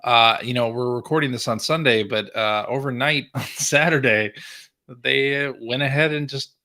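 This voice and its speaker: A man co-hosting a podcast in casual chat, relaxed and laughing as he talks. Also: medium pitch, normal speed. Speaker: podcast co-host.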